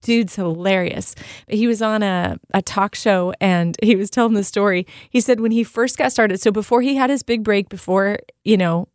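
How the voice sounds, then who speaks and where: A woman with a medium-pitched voice speaks at normal speed in a clean studio recording with no room sound. She co-hosts a faith podcast, teaching in an upbeat, emphatic manner and weaving in stories along the way.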